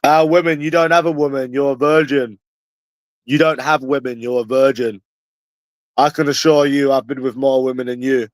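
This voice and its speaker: A man's voice: mid-range voice, steady tone, normal speed, no echo. A man with a London accent, ranting at his livestream chat in a confrontational, profane and repetitive way. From London, England. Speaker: streamer answering chat. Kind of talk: combative livestream rant.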